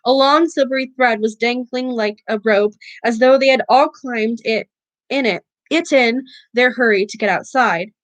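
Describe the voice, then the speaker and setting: A woman reading a novel aloud for a book club, halting often to restart words. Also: a little high, dry recording.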